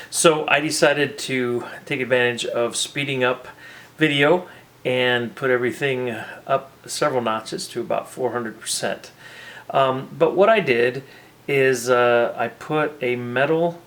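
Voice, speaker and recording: A man's voice: medium pitch, a bit bright, poor audio. Easygoing man with frequent ums. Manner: hesitant, many ums and uhs. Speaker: hobby channel host. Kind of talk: casual how-to narration.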